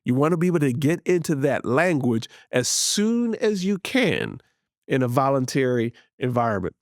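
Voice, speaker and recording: A man's voice: mid-range voice, big pitch swings, normal speed, dry recording, studio quality. A man hosting a faith-based leadership show, teaching in an earnest, emphatic way and repeating key words for stress. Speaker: podcast host. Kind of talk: motivational teaching talk.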